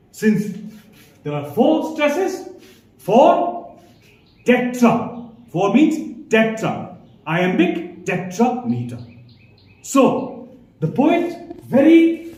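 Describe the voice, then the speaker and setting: A man's voice: sits high, darkish tone, slight background noise. A man teaching a class on poetic meter, explaining step by step and checking in with his students as he goes. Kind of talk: classroom lecture on poetry. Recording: echoey room, distant mic.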